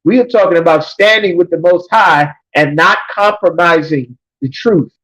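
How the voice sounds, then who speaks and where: A man teaching a scripture class, reading verses slowly and then explaining them emphatically, often checking with "you understand?". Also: a little high, a bit bright. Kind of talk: preaching scripture breakdown. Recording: dull lo-fi recording.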